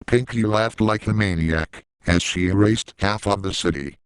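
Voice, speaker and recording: A man's voice: lowish voice, normal speed, smooth, no room sound, rough recording. A man reading a fan story aloud in a plain way, adding his own side comments. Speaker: story reader.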